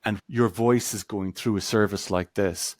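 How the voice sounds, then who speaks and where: Guy guest on a video call, kinda low voice, dry close sound, chatty storyteller. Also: steady tone, moderate pace, dry recording. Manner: storytelling, acts out quoted voices. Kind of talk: conversational interview.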